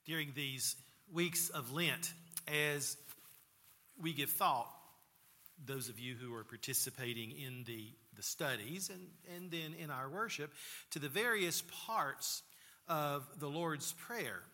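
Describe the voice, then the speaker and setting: Male pastor, conversational sermon; slow and unhurried, bright tone, echoing sanctuary. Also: on the high side, lively intonation. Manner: unhurried, conversational, repeats words when restarting. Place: church sanctuary. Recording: long church hall reverb.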